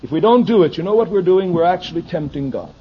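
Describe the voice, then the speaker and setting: Fiery preacher, hushed to shouting. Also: male voice, high-pitched, lively intonation, fast, slightly rough. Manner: swings from hushed asides to shouted pleas. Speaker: pastor. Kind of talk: fiery sermon. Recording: dull lo-fi archival recording with faint noise.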